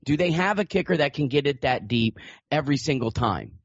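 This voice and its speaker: Kinda high-voiced guy hosting a sports podcast, animated and emphatic, dull dry lo-fi sound. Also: a little fast, slightly rough, no echo. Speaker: podcast host. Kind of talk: casual sports podcast chat.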